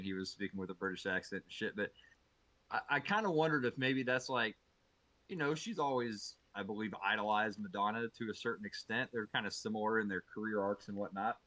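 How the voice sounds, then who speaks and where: A man's voice: fairly low pitch, no room sound, low-quality recording. A man co-hosting a comedy podcast, chatting casually with swearing and mock outrage. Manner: animated, profane, mock-outraged. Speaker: podcast co-host.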